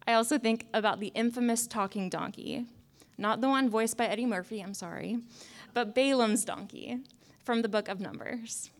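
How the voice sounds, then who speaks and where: A young adult woman preaching a conversational sermon in a wry, self-mocking way, often dropping to soft asides. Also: a little high, moderate pace.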